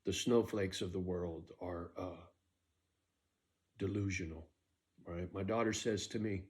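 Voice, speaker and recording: A man's voice: low-pitched, steady tone, unhurried, pauses often, darkish tone. A middle-aged man ranting in a personal vlog monologue, aggrieved and bitter, checking in with his listeners again and again. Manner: aggrieved rant with frequent "right?" tags. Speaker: vlogger.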